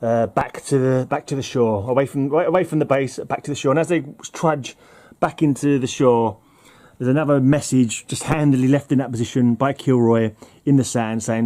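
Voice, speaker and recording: Mellow-voiced man chatting about old comics. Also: mid-range voice, fairly even intonation, normal speed. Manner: chuckling, rambling with restarts. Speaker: vlogger reviewing old comic books. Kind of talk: casual chat.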